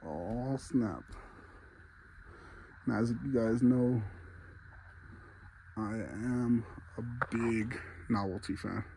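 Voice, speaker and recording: This walk-through vlog, recorded in a large indoor fireworks shop, features a breathless, enthusiastic man chatting casually. His mid-range voice is creaky and extremely slow, with frequent pauses, and the recording is very noisy.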